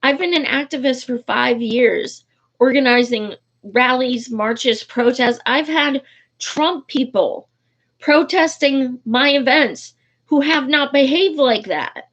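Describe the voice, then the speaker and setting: Animated activist woman, slow and swearing. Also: sits high. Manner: animated, swearing, many fillers and restarts. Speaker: political activist. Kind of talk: casual vlog talk. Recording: dull lo-fi recording.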